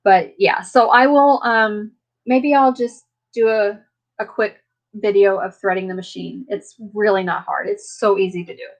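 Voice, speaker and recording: A woman's voice: mid-range voice, steady tone, unhurried. Woman, live-stream host, friendly and rambling, answering her viewers and chatting casually. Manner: rambling, chatty, many fillers; warm, friendly toward viewers.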